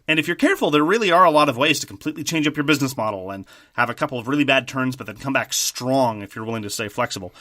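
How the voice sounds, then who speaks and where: A man co-hosting a podcast, chatting casually about board games in a thoughtful, measured way with frequent restarts. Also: mid-range voice, pushed and bright, no echo, clean studio sound. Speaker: podcast co-host.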